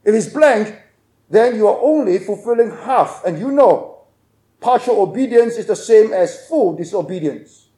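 A man delivers an expository sermon in a high, mellow voice. He is emphatic, swinging from loud stresses to hushed asides. The room adds a noticeable echo. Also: animated, a little slow. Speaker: preacher.

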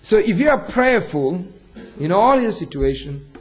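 Male pastor, husky and somewhat high, slow deliberate preaching. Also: sing-song, rough recording. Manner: reads scripture aloud, asks the congregation questions. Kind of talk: sermon.

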